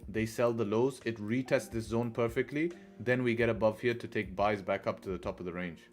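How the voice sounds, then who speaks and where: A man's voice: on the low side, steady tone, a little fast, faint music behind. A man hosting a live trading stream, talking casually to viewers and often tagging his points with "right?". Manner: conversational, keeps adding "right?", profane asides. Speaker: trading livestream host.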